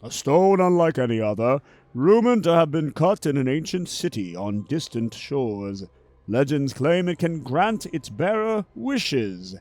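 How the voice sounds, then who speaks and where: A man's voice: on the high side, big pitch swings, measured pace, a little mellow, no room sound, voice pushed up. A man voicing a stately, triumphant male gala chairman in a grand, theatrical manner.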